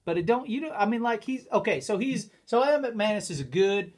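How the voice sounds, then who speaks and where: A man co-hosting a casual chat show, talking in an animated, rambling way. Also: sits high, brisk. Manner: animated, rambling, lapses into put-on quotes. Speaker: co-host.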